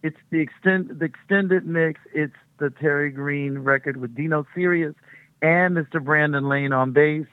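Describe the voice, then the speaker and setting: A woman's voice: low voice, moderate pace, dry recording. Chatty middle-aged woman on a tinny phone line. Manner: chatty, rambling, upbeat, laughs easily. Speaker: touring music artist, guest. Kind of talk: phone interview on radio. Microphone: phone call.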